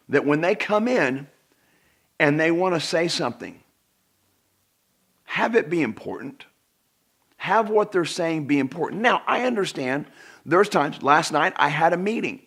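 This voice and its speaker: A middle-aged man delivers a personal development talk straight to the viewer. He is emphatic and earnest, repeats words to drive points home, and his voice swings widely between loud peaks and quiet drops. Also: a little high, big pitch swings, moderate pace. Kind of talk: direct-to-camera self-help talk.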